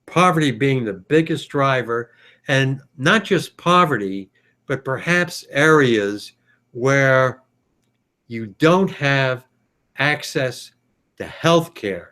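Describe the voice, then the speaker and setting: A man's voice: medium pitch, expressive, slow pace, sharp tone. American guy on a video call, middle voice, lots of ums and trailing off. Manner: thinking aloud, hesitant, many fillers. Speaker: podcast host. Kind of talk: casual video call chat.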